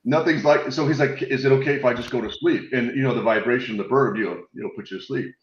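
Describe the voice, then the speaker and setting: A man on a video call telling animated, swear-laced anecdotes in a casual chat, acting out the voices of the people in his stories. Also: mid-range voice, quick pace, echoey room, dull audio. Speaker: guest telling war stories.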